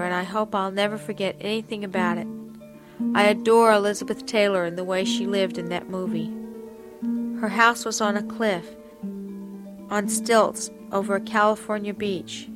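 Woman reading diary entries out loud, earnest and confessional, mid-pitched voice, soft music underneath. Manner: earnest, confessional, reflective delivery. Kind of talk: reading aloud from a personal diary.

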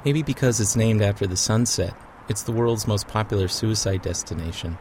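Man, low voice, somber reflective documentary narrator. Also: moderate pace, darkish tone, slight background noise.

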